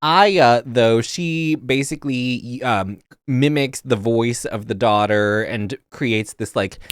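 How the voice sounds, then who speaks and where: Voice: mid-range voice, slow pace, clean tone, no echo. Exasperated film reviewer, dry sound. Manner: exasperated, animated, many fillers. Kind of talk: casual spoiler review.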